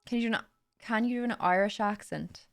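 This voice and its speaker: A woman's voice: mid-range voice, fairly quick, vocal fry, faint music behind. Chatty young woman streamer. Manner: chatty, answers chat questions, laughs often. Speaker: livestream host. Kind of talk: casual chat with viewers.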